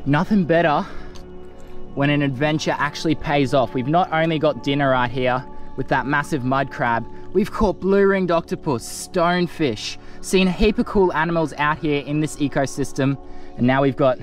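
Young Australian man, high bright voice, energetic adventure vlogger, recorded outdoors on a camera mic, faint music underneath. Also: normal speed. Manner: energetic, excitable, says mate often. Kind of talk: outdoor vlog narration. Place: outdoors in muddy mangroves.

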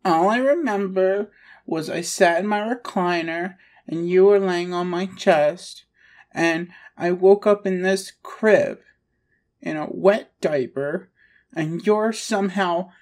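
A woman's voice: fairly low pitch, slow, a little mellow. A woman performing a scripted audio role-play, talking in a pouty, whiny, protesting way.

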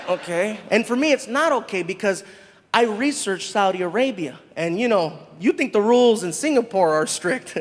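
A man telling a stand-up story in an animated way, acting out the people in it. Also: sits high, big-room sound. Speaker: stand-up comedian.

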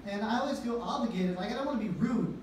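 Awkward young comic in an echoey room. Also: male voice, high-pitched, animated, fast. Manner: awkward, hesitant delivery with many restarts. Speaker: stand-up comedian. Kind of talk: stand-up comedy set. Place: comedy venue. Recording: echoey venue from far off, noisy.

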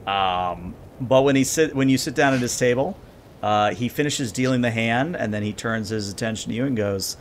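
A man running a tabletop game as game master, explaining in a relaxed way full of fillers. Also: mid-range voice, normal speed, slight background noise.

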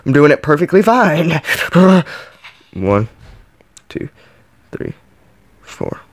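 A man's voice: a little high, sing-song, slow, slight background noise. A man playing a mobile game on camera, counting each flip aloud and yelping or groaning at every near miss. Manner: counts flips aloud, yelps and groans at misses. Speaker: gaming channel host.

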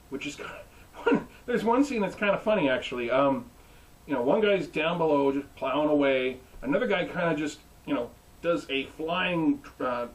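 Brief: young male reviewer, comedic recap, jumpy expressive pitch, sitting back from the mic. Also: recorded from a distance, rough recording. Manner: animated, joking, mimics characters. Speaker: anime reviewer.

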